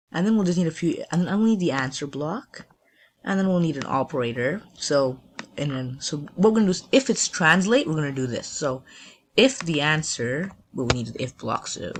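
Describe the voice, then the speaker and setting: A man's voice: on the high side, lively intonation, normal speed, slight background noise, rough recording. A man hosting a casual screen-recorded coding tutorial. He thinks aloud while clicking and often restarts his sentences.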